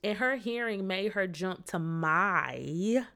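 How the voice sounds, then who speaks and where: A woman's voice: mid-range voice, animated, takes it slowly, creaky, pushed and bright. A woman, hosting a casual podcast, reading a story aloud, chatting and laughing often. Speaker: podcast host.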